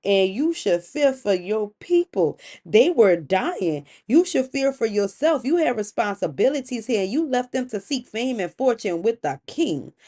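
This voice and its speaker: A woman's voice: medium pitch, very animated, unhurried, few pauses, warm tone, breathy edge, exaggerated voice. A woman playing a fierce, defiant goddess wife. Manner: fierce, accusing.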